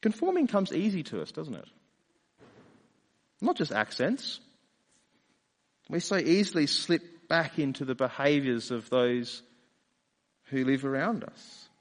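Preacher in a reverberant hall. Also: male voice, a little high, sing-song, a little slow, long pauses. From Australia. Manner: conversational, asks rhetorical questions. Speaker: pastor. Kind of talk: sermon.

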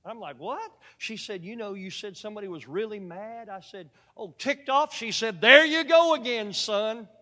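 A man's voice: high voice, animated, normal speed, few pauses, sharp tone. A man preaching a sermon, telling stories from the pulpit with a folksy, joking manner toward the congregation. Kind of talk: sermon with storytelling. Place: church sanctuary. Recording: long church reverb.

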